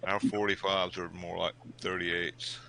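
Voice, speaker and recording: A man with a deep, gravelly voice chats easily on a livestream. He is laid-back and laughs often, tossing in drawled asides between friends. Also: little pitch movement, measured pace, bright, forceful tone. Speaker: streamer. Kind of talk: casual chat on a livestream.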